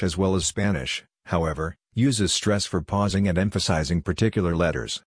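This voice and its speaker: Low-voiced man in dry, scripted narration. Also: no room sound. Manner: measured, explanatory. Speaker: language explainer.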